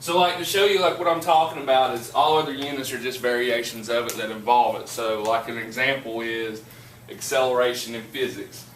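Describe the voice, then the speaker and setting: A male teacher, talking to a classroom and spinning a story with plenty of energy. He is picked up from across an echoey room, and the recording carries a steady background noise. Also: medium pitch, brisk. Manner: animated storyteller, laughing while telling. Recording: echoey classroom from far off, noisy.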